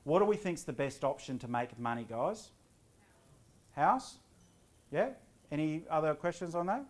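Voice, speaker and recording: A middle-aged man giving a property investment seminar to a live audience, lively and often quizzing the crowd. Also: fairly high pitch. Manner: energetic, quizzes the audience with quick questions.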